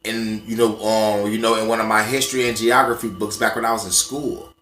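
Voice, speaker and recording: A man's voice: on the low side, level tone, a little fast, a bit bright, reverberant, soft background music. A man ranting casually to the camera, profane and emphatic as he tells stories from memory. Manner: profane, emphatic, conversational storytelling. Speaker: vlogger.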